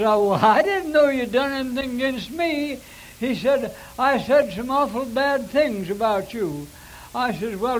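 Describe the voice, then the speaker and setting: An older man, a preacher, recounting his early ministry in a folksy, halting storytelling manner with frequent restarts. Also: extremely high pitch, slight background noise, low-quality recording. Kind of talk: recounting personal ministry testimony.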